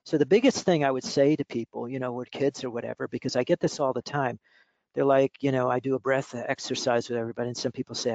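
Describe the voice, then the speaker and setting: A man speaking as a mindfulness coach in an interview, explaining exercises in a relaxed, instructive way with many fillers. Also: mid-range voice, fast, no room sound. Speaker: mindfulness coach and author, guest. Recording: dull lo-fi audio.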